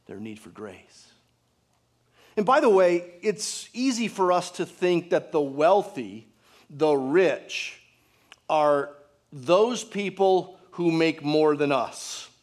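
Pastor guy preaching, kinda high voice, slow and deliberate, goes quiet on the big points. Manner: earnest preaching, rises and drops to hushed emphasis; rhetorical questions to the congregation. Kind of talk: sermon.

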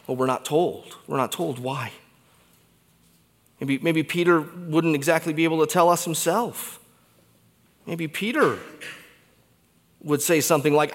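Man preaching, conversational and animated, fairly high voice, long church reverb. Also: unhurried, pauses often. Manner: conversational, animated preaching with wide swings in loudness. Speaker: pastor. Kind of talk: sermon.

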